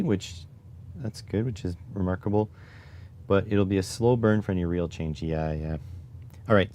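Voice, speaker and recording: A man's voice: lowish voice, warm tone. A man from Canada chatting casually on a livestream, wry and rambling while he works on a soldering project. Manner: wry, rambling asides while working with his hands. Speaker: livestream host.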